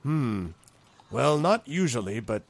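A man voicing a sly, haggling male goblin chief who hesitates with many ums and then breaks into loud, high outbursts. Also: big pitch swings, slow pace, vocal fry, exaggerated voice.

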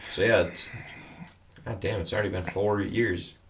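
A man's voice: lowish voice, fairly even intonation, moderate pace, a bit bright, a little hiss or hum. A man, a new father, chatting casually and telling stories animatedly, swearing now and then. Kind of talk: casual chat, storytelling.

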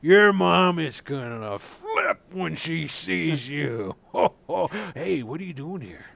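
A man voicing a boisterous, one-legged male tavern keeper who shouts, rambles and stammers. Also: on the high side, slow, gravelly, heavily acted. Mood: excited shouting. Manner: loud, excited, rambling, stammering.

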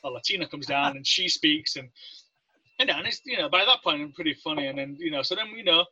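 High-voiced English man, animated storyteller. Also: fast talker, breathy edge, dry recording. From Leeds, England. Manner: animated, acts out quoted voices. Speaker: guest, Navy veteran. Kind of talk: casual interview storytelling. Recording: dry, dull lo-fi sound.

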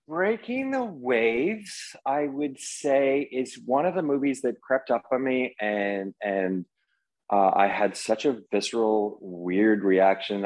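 A man's voice: mid-range voice, a little mellow, low-quality recording. A man as a podcast guest, telling rambling anecdotes with many fillers in casual conversation.

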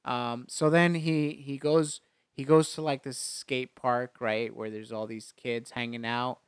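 Man chatting, retells the movie scenes, does little voices, laughs a lot, very clear voice. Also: mid-range voice, a little slow, no echo, clean studio sound. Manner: animated retelling, acts out lines, laughs often. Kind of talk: casual chat recapping a movie.

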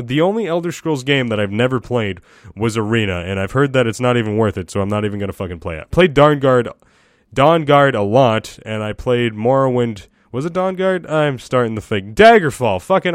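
A man's voice: mid-range voice, no room sound, clean studio sound. A man talking casually and at length about video games, swearing often and mocking himself. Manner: profane, self-deprecating, excitable. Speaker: gaming vlogger. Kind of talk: casual rambling monologue.

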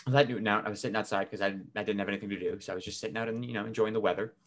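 A man's voice: fairly low pitch, steady tone, racing, fairly bright tone. A young man co-hosting a podcast, telling a family story in a casual, swearing, laughing way. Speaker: podcast co-host.

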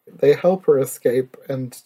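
A man's voice: medium pitch, measured pace, mellow, breathy edge. A man co-hosting a podcast, chatting in an easygoing way about a cartoon, laughing often. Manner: easygoing, laughs a lot, uses filler "like". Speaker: podcast co-host. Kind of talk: casual chat about a cartoon.

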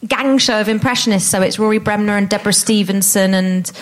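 A woman chatting as a guest on a comedy talk show, upbeat and quick. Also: mid-range voice. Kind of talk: casual comedy interview.

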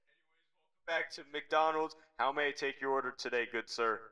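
A podcast co-host putting on a rude, impatient fast-food cashier who swings from mock-formal politeness to cursing. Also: male voice, mid-range voice, bright, forceful tone, smooth, natural voice. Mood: mock polite.

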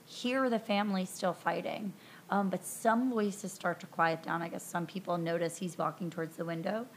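A woman hosting a podcast, recounting a film scene by scene in a chatty, animated way, full of ums and likes. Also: on the low side, moderate pace, slight background noise. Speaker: podcast host recapping a film. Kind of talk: casual recap narration.

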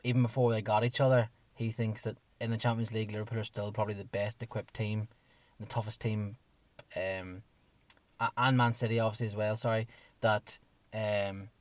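A man co-hosting a casual football chat, excitable and slightly hoarse, acting out his own shouts as he tells a story. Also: on the low side, normal speed, no room sound. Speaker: podcast co-host.

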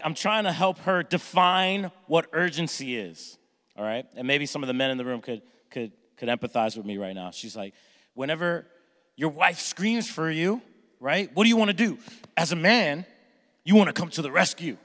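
A middle-aged male pastor preaches with a bright, forceful voice that rings through a big reverberant hall. He talks with an energetic, jokey delivery and acts out his family by shouting their lines. His pitch sits a little high for a man. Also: moderate pace. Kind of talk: sermon. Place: church sanctuary with congregation.

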